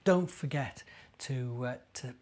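A man, a minister, gently reading a storybook and talking to young children. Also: medium pitch, takes it slowly.

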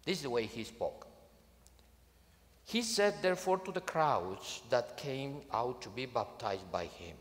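A man, a priest, preaching a sermon in an emphatic, animated way with touches of dry humor. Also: mid-range voice, normal speed, big-room sound. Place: large conference venue.

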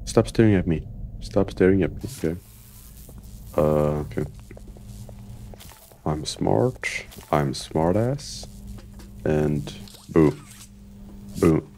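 A low-pitched, slow streamer voice that swings widely in pitch while joking through a horror game. Faint noise sits under the talk. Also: lively intonation, creaky, dark tone. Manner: joking, talks to himself and the game. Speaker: gaming streamer. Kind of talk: casual gameplay commentary.

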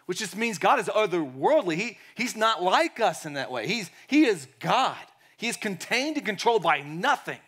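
Guy preaching a sermon, kinda high voice, gets loud then goes real quiet, acts out the quotes. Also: breathy edge. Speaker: pastor.

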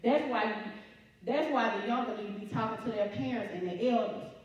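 A woman church elder preaches a sermon in a slightly high, slightly fast voice, repeating her phrases and putting questions to the congregation. The recording is dull-sounding, captured with a distant mic in a very echoey church hall.

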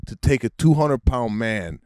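A man with an average-pitched voice co-hosts a casual podcast chat. He rambles, restarts his sentences and swears freely. The recording is dry and close. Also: animated, unhurried, mellow, smooth, dry recording. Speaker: podcast co-host.

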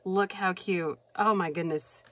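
A woman vlogger unboxes happy mail while chatting casually, gushing excitedly with frequent gasps. She makes affectionate asides, calling viewers "hon" and "you guys." Her pitch is fairly low, she talks a little slowly, and there's no echo.

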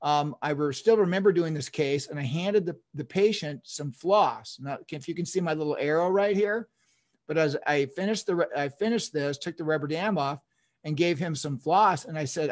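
A man's voice: fairly high pitch, normal speed. A man in his fifties, a dentist giving an online lecture, telling stories enthusiastically with chuckles and restarts.

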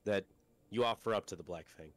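A man narrating as game master of a tabletop role-playing game, calm and measured. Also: sits low.

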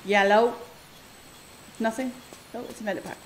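A woman's voice: medium pitch, normal speed, pauses often, rough recording. A woman streaming a video game, chatting casually, talking to the game and its creatures and laughing often. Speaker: gaming streamer. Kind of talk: casual let's-play commentary. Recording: audible background noise.

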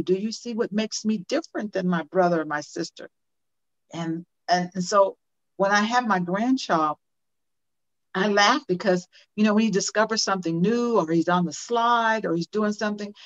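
A woman's voice: medium pitch, normal speed. An older woman speaking as a guest in an interview, earnest and emphatic, often repeating questions for effect. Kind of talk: conversational interview. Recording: dull lo-fi audio.

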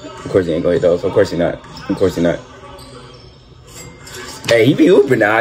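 A man doing excited reaction commentary over a basketball video, repeating himself and talking in slang. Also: low-pitched, fairly quick, pauses often. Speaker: reaction streamer.

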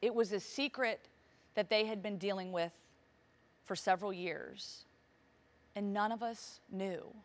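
A woman's voice: medium pitch, measured pace, long pauses. A woman in her thirties, a motivational speaker, telling a personal story on stage with vivid, emotional delivery and acted-out dialogue. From Virginia, US.

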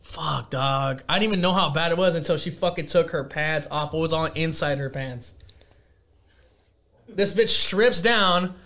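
A man telling a crude story in casual chat, swearing constantly and acting out what people said. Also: high voice. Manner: profane, animated, acts out quotes. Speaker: podcast guest.

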